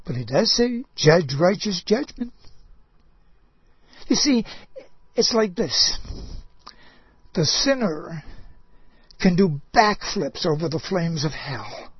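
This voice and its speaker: A man preaching a sermon, impassioned, swinging between loud outbursts and soft low asides. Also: lively intonation, takes it slowly, long pauses, slightly rough, dry recording, muffled recording.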